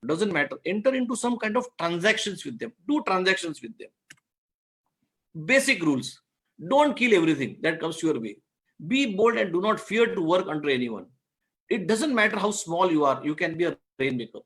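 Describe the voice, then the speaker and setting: A man's voice: high-pitched, big pitch swings, normal speed, a bit bright. A man giving an online masterclass, earnest and repetitive, telling a fable to make his business points. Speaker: guest speaker on business law.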